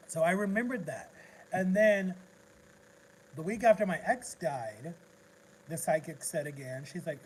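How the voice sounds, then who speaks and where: A man's voice: on the high side, darkish tone, slight background noise, rough recording. Rambling man telling an emotional story. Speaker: vlogger. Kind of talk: casual rambling livestream chat.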